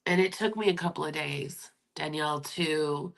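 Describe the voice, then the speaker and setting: A woman's voice: deep voice, moderate pace, vocal fry. A woman hosting a candid livestream chat, talking emotionally and confidingly straight to her viewers. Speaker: livestream host. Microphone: streaming setup.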